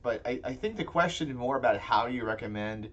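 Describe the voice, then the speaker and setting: A man's voice: medium pitch, expressive, brisk, fairly bright tone, muffled recording. A man co-hosting a casual tabletop gaming podcast, talking in rambling, self-interrupting chat. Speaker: podcast co-host.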